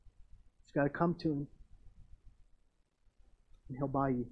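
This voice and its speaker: A middle-aged man, a pastor telling stories in a sermon and swinging from hushed to emphatic. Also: medium pitch, steady tone, a little slow, slightly rough, phone-quality sound.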